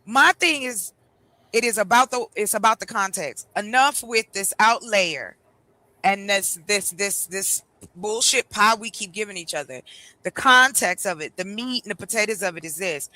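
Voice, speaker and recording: A woman hosting a casual podcast chat, blunt and animated, telling stories with slang. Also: medium pitch, moderate pace, no room sound.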